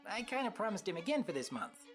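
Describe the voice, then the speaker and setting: A woman's voice: medium pitch, sing-song, fast, faint music behind, close to an everyday voice. A woman voicing a playful, cheeky young female fighter with a teasing, breezy manner.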